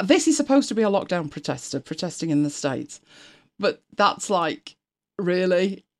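A woman from Britain co-hosting a casual chat stream, sarcastic and chatty, laughing often and thinking aloud as she reads. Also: low voice. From United Kingdom. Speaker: co-host of a live stream.

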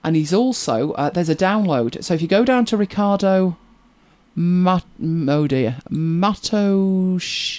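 A woman's voice: on the low side, lively intonation, unhurried, darkish tone. A British woman co-hosting a casual live stream, rambling through forum posts and viewer comments, humming to herself and chuckling as she goes.

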